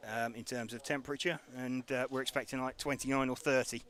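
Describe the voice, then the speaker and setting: Male commentator, bright and forceful, relaxed, lots of ums, live trackside call. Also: mid-range voice, quick pace. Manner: relaxed, hesitant with many ums and uhs. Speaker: race commentator.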